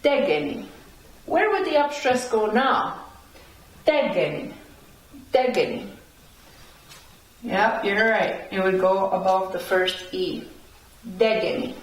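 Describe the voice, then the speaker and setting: A woman's voice: mid-range voice, animated, moderate pace. A woman teaching a language lesson, patiently repeating words and breaking them into syllables. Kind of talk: slow spoken language lesson. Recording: very echoey room, heard from a distance.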